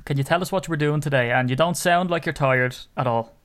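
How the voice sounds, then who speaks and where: A man hosts a casual sports podcast with energetic, teasing banter. He sounds chatty and lively. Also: a little high, quick pace. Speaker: podcast host.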